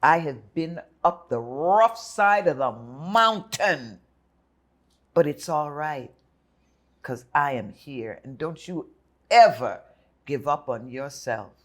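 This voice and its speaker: Older woman, slow animated storyteller. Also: low voice. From Jamaica and United States. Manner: animated storyteller, acts out voices. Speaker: guest. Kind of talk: interview, storytelling.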